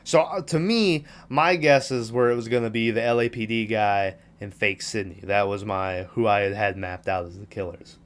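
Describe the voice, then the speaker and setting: A man's voice: fairly low pitch, fairly even intonation, moderate pace, hardly any pauses. A man casually recapping a film on a podcast, rambling and swearing as he acts out characters' lines. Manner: profane, rambling retelling with quoted lines. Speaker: podcast host.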